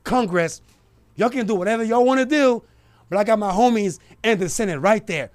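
A man's voice: sits high, fairly quick, natural voice. A man putting on a smug, boastful older male president who taunts and repeats himself. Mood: taunting.

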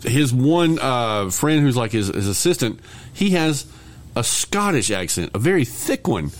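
A man's voice: medium pitch, big pitch swings. A man co-hosting a podcast, chatting casually about a movie, joking and swearing freely. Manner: profane, joking, quick to laugh. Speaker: podcast co-host. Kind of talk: casual movie review chat.

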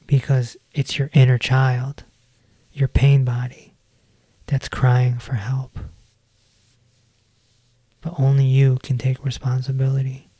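A man in his forties gives a reflective self-help talk as a podcast host, speaking in a gentle, earnest way. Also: medium pitch, completely flat delivery, slow pace, pauses often, husky, dry recording. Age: 40s.

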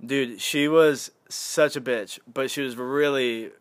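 A young man chatting casually on a podcast, telling a story in an animated way, laughing and swearing freely. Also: mid-range voice, slow, no room sound.

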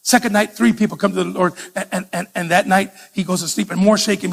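High-voiced husky preacher. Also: male voice, fairly quick, few pauses. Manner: animated storytelling with many restarts. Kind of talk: sermon. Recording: long hall reverb.

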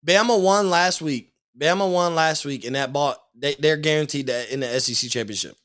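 Young male podcast guest, high and bright, animated and casual in sports chat. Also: fairly quick. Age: young adult. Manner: animated, repeats himself, says "like" and "bro" a lot.

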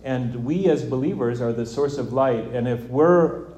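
A man preaching a sermon, telling a personal story in a relaxed way with fillers. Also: mid-range voice, moderate pace, echoey room.

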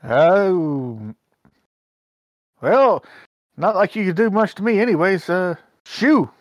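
A player voices a character in a tabletop game with wry, unhurried delivery. The speech is slow and the pitch swings widely, recorded dry and close. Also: big pitch swings, dry recording.

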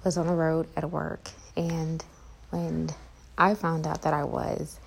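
Slow, gravelly-voiced young woman. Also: sits low, flat delivery, a little hiss or hum, low-quality recording. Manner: halting, many fillers and restarts. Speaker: vlogger. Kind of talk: personal storytelling to camera.

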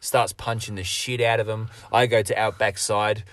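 A man's voice: fairly low pitch, level tone, normal speed, fairly bright tone, no room sound. A man telling a role-play game story in casual, profane chat, often laughing and acting out quotes. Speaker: podcast co-host.

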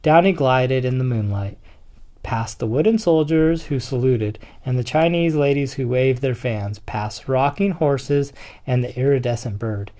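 A storyteller reads a children's picture book aloud at a steady, even pace. The voice sits at a middling pitch and is expressive without rushing.

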